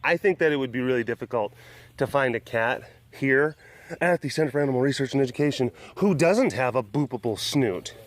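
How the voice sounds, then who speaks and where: A man's voice: mid-range voice, expressive, fairly quick. A man filming outdoors at a big cat sanctuary. He talks in a playful, teasing way and drops into baby talk with the cats. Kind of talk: casual vlog talking to the camera and to tigers.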